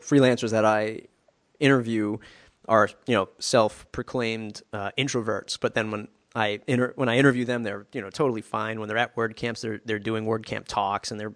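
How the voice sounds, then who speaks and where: A man's voice: fairly low pitch, dry recording, clean studio sound. A man hosting a podcast interview, speaking hesitantly with many ums and you knows. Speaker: podcast host. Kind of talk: casual interview chat.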